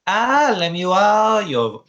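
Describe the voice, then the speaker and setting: A man's voice: high-pitched, very animated, extremely slow, fairly bright tone, lo-fi sound, slight background noise, heavily acted. A man voicing a suave male rock-star prosecutor with a put-on German accent, in a fan-voiced game playthrough. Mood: smooth, admiring.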